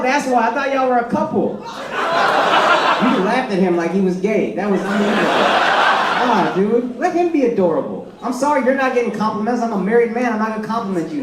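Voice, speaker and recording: A man's voice: extremely high pitch, very noisy. A man doing crowd-work stand-up, brash and profane, teasing people in the audience from a club stage. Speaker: stand-up comedian. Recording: roomy club sound with loud crowd. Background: loud audience laughter.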